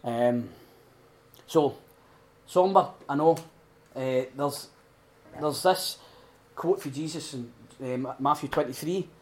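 A middle-aged man giving an earnest, heartfelt talk at a recovery retreat. He swings between loud emphasis and hushed, prayerful quiet. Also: medium pitch, slow, pauses often. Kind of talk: informal sermon talk.

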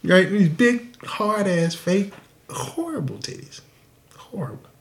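A man hosting a podcast, telling a crude story in a profane, animated way and laughing often. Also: high-pitched, slow. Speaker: podcast host. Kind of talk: casual storytelling.

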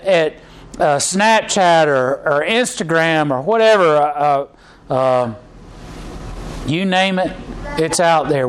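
A man preaches a sermon. He talks to the congregation like he is chatting, restarting his sentences often and filling pauses with "uh.". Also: a little high, fairly bright tone, low-quality recording. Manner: conversational preaching with frequent restarts and fillers. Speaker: pastor.

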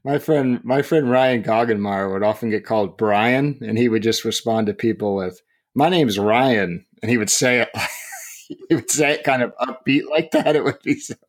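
A man's voice: medium pitch, normal speed. A man co-hosting a podcast in casual chat, joking and chuckling as he talks. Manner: chatty, laughing often, self-deprecating jokes. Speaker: podcast co-host.

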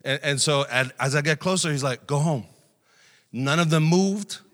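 A man's voice: on the high side, normal speed, a bit bright. A male guest preacher telling a personal story in a sermon, animatedly acting out the voices of the people in it. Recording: long hall reverb.

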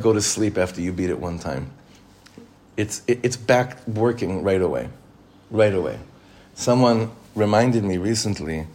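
A man's voice: fairly low pitch, a little mellow. A man teaching an informal Torah class as a rabbi. He talks conversationally, repeats phrases for emphasis and chuckles often.

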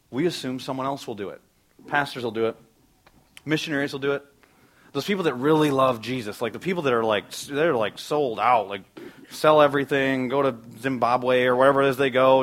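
Man preaching a conversational sermon. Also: mid-range voice. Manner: conversational preaching, acts out quoted voices. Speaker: pastor.

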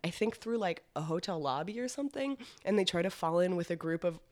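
Chatty woman with a slightly low voice. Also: animated, a little fast, a little mellow. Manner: filler-heavy, retells scenes with put-on quotes. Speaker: podcast guest. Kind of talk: casual film discussion.

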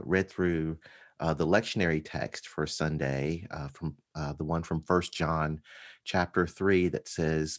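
A deep, low-pitched man speaking as a pastor in relaxed conversation. He reflects slowly, filling pauses with ums, then lifts his voice when a point matters to him. His speech has a calm, unhurried, searching quality. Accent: African American. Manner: thoughtful, pausing with many ums, rising with emphasis. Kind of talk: casual conversation about preaching.

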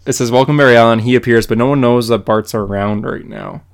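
Young male podcast co-host, smooth clear voice, easygoing chatty recaps. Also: fairly low pitch, brisk. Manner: animated, filler-heavy comic recaps. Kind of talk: casual chat.

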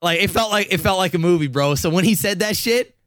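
A man's voice: sits high, fast, fairly bright tone, dry recording, clean studio sound. A young man co-hosting a podcast, telling a long personal story in casual, profane chat full of restarts. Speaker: podcast co-host.

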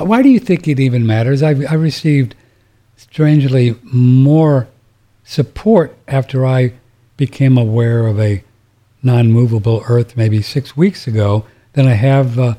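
A man's voice: mid-range voice, warm tone. A man hosting a talk radio show, rambling casually with many fillers and restarts.

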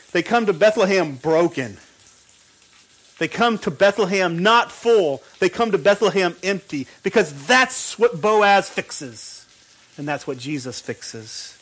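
Male pastor, high-pitched, emphatic repetitive preaching delivery. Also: normal speed, a bit bright, rough recording. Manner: emphatic repetition, frequent restarts. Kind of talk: sermon.

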